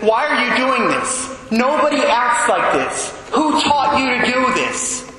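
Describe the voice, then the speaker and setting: A man's voice: very high-pitched, sing-song, measured pace, pushed and bright, heavy reverb, big-room sound, slight background noise, voice pushed up, full character voice, low-quality recording. A man voicing a bitter, dying homeless woman who snarls angrily, in a church homily. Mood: snarling. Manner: angry, snarling.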